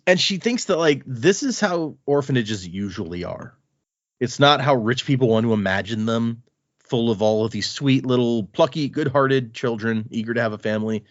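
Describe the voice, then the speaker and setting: A man's voice: mid-range voice, expressive, normal speed, dry recording, muffled recording. A man co-hosting a podcast, casually and animatedly retelling chapters of a book. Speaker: podcast co-host.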